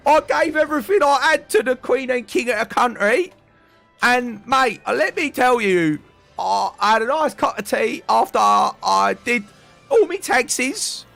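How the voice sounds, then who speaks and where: A man hamming up a loud stereotyped British bloke. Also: extremely high pitch, creaky, pitched above the performer's own voice, full character voice. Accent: exaggerated mock British. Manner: loud, hammy, drawn-out. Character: over-the-top stereotyped British bloke, boastful and chummy.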